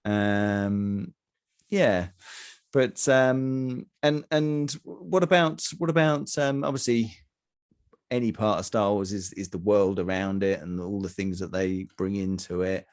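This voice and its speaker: A middle-aged man co-hosting a casual review chat, talking in halting bursts with many fillers and restarts. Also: on the low side. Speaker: podcast co-host.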